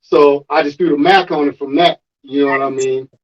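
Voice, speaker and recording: A man's voice: a little high, normal speed, muffled recording. A man, a rapper guest, telling a story in casual, profane chat and acting out the voices of the people in it. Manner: animated, profane, acts out quoted voices.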